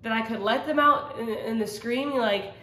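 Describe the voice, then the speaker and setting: A woman's voice: fairly high pitch, moderate pace, sharp tone. Earnest, rambling woman in an echoey room. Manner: rambling, earnest, with many fillers and restarts. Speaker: vlogger sharing a testimony. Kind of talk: casual testimony talk. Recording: roomy echo.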